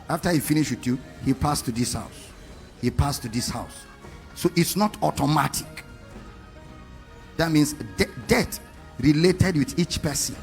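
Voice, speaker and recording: A man preaching a sermon to a congregation, firing rhetorical questions and asking them to read along. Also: a little high.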